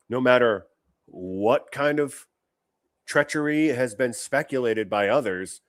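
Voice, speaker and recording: A man's voice: mid-range voice, a little slow, dry recording, clean studio sound. A man hosting a show, giving blunt, opinionated reaction commentary on clips, swearing often and restarting his sentences.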